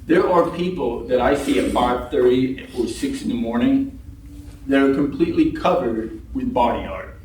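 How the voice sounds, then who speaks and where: A man's voice: medium pitch, moderate pace, darkish tone, a little hiss or hum. A man giving a humorous prepared speech at a speaking club, telling wry stories and acting out the people in them. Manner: wry storytelling, acts out quoted people. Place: meeting room. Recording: echoey room from far off.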